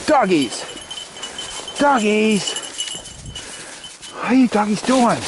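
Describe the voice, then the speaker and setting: A man's voice: sits high, lively intonation, slow, pauses often. A man riding through snowy woods with his dogs, talking to them casually and coaxing them along with short repeated commands. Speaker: vlogger biking with his dogs. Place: outdoors in snowy woodland. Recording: outdoor wind noise.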